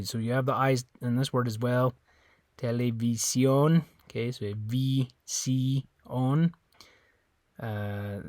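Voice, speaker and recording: A man teaching in a casual, informal way, repeating words slowly and often correcting himself. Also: mid-range voice, dry recording, clean studio sound. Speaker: Spanish teacher. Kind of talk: informal classroom explanation.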